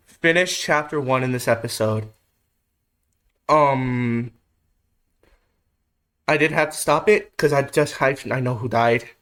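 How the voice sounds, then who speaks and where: A man hosting a let's play, giving casual, emotional game commentary with repeated loud protests. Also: medium pitch. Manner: casual, informal.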